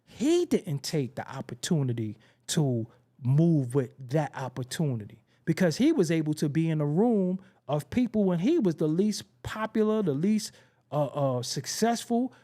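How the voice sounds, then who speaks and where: A man's voice: fairly high pitch, lively intonation, normal speed, mellow. A man hosting a hip-hop talk show, telling stories in a casual, streetwise way full of slang, repeats and emphatic asides. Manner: frequent profanity and slang. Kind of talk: casual commentary monologue.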